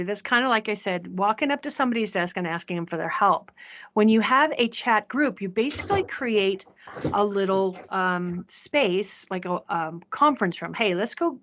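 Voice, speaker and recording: A woman presenting a software demo in a chatty way, often checking in with the audience. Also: mid-range voice. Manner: chatty, asks "right?" often. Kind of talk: live software demo talk.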